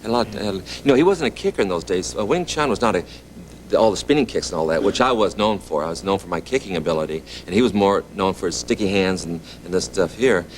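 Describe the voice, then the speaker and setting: A middle-aged man in his fifties spins a long story as a talk show guest, chuckling as he goes. His voice sits low and his words come quickly. A faint hiss of a TV studio hangs behind him. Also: rough recording. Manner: relaxed, chuckling raconteur. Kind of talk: anecdotal storytelling. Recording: TV studio with audience noise.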